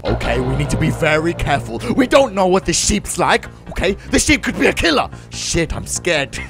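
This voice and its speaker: A young man commentating a video game in a jokey, excitable way, swinging between shouts and mutters. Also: high voice, fairly quick, gravelly. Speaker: gaming YouTuber. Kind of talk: let's play commentary. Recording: game music playing behind. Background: game music.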